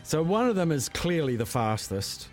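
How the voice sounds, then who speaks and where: A man's voice: a little high, big pitch swings, moderate pace, loud music behind the voice. A man hosting a sports radio show, telling stories with enthusiasm in casual banter. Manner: enthusiastic storyteller. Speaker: radio host.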